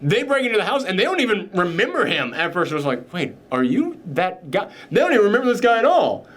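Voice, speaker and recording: Man, film reviewer, candid and opinionated, slightly high voice. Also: very animated, racing, a bit bright. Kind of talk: casual movie review chat.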